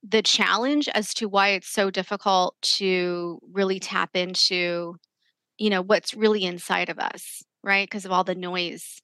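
A woman's voice: medium pitch, steady tone, measured pace, sharp tone, smooth, no room sound. A woman hosting a casual interview, thoughtful and searching as she talks. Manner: thoughtful, searching, many fillers.

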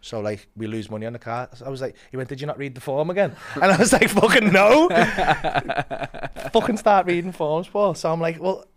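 Comedian guest, higher pitch, sweary animated storyteller. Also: male voice, fast talker, few pauses. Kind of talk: casual anecdote with quoted voices.

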